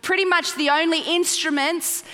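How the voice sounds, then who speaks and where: A woman's voice: extremely high pitch, steady tone, pushed and bright. A woman preaching to a congregation in a church, enthusiastic and emphatic. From Australia. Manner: enthusiastic, emphatic, speaking slowly and deliberately. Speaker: guest preacher. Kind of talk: sermon to a congregation. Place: large church hall. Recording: long reverb of a large church.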